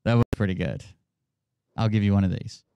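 A man's voice: on the low side, a little fast, creaky, very noisy. A man hosting a casual commentary show, rambling and mocking the clips he plays, talking into a close mic. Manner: rambling, mocking, laughs often. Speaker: host reacting to clips.

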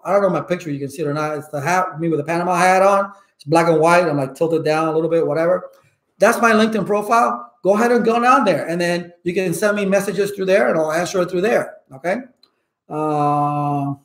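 Loud, emphatic man with a fairly high voice. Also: echoey room. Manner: loud and emphatic, keeps asking "okay?". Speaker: IT certification instructor. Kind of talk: casual advice to viewers.

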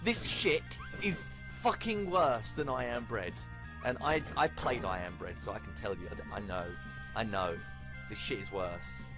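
A man's voice: lowish voice, a little slow. A man giving profane, melodramatic commentary while playing a video game, ranting at what happens on screen. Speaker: gaming channel host. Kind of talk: gameplay commentary. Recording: loud background music.

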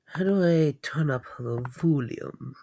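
A woman's voice: low voice, slow, creaky, dark tone, dry recording. A young woman giving casual reaction commentary, swearing a lot and laughing between surprised exclamations. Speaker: reaction video creator.

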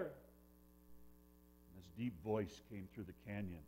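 Animated, earnest male pastor preaching. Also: lowish voice, normal speed, highs cut off. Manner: earnest preaching with swings from loud to hushed. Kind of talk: sermon. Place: church.

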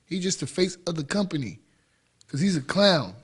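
A man with a husky, somewhat high voice talks in blunt, casual podcast chat. He swears freely and sounds dismissive. His delivery is loose and conversational. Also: very animated, normal speed. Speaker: podcast co-host.

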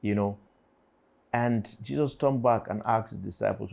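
A man's voice: lowish voice, moderate pace, gravelly, a little mellow. A man in his forties preaching to teenagers, fervent and prayerful. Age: 40s. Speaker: youth pastor. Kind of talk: sermon.

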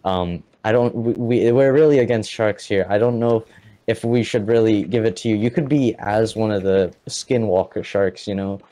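A man's voice: lowish voice, normal speed, dark tone, natural voice. A man voicing a casual, friendly male goblin in a tabletop game, talking in a laid-back, rambling way. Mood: wary.

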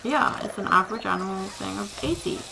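A woman with a mid-range, creaky voice talks briskly while casually commenting on her gameplay, chatting to the in-game animals and laughing often. She's a gaming video creator, and the home recording is noisy.

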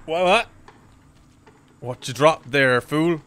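Young let's player, rowdy and profane, bright voice, slow unhurried delivery. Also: male voice, on the high side, a little hiss or hum. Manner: rowdy, joking banter at the game, cursing. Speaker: gaming YouTuber. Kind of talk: let's play commentary.

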